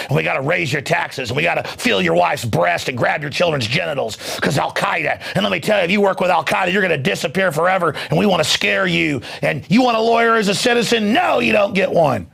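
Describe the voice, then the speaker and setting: A male talk show host delivering an angry, heated political rant, mocking and shouting at times. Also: fairly high pitch, gravelly, breathy edge.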